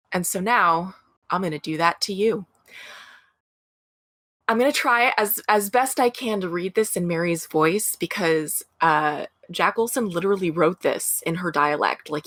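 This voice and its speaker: A woman co-hosting a podcast talks casually through a story, leaning on fillers like "like" and "you know." Her voice sits a little low, and the sound is dry and close to the mic. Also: fairly bright tone, dry recording. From American Midwest. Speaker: podcast co-host.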